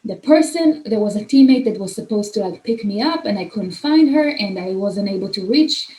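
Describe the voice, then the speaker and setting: A woman's voice: medium pitch, animated, normal speed, mellow, roomy sound, low-quality recording. A young woman with a non-native command of English hosting a casual mentoring workshop, effusive and chatty with many fillers. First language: not English. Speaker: host of a mentoring clinic. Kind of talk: casual online workshop talk.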